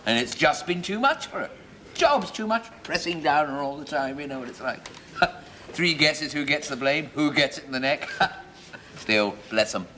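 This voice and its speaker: A man's voice: a little high, animated, normal speed, pushed and bright, slight background noise. An actor playing a fussy, chatty pub landlord in a 1970s sitcom, chattering and laughing at his own jokes. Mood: confiding. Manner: chattering, giggling, self-amused. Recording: studio audience laughter.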